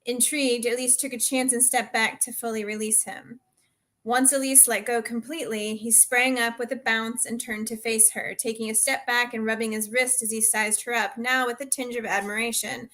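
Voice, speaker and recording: A woman author reads a passage from her own novel aloud, steadily, fixing a word here and there as she goes. Her voice is fairly high and clearly bright. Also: level tone, moderate pace. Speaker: guest author.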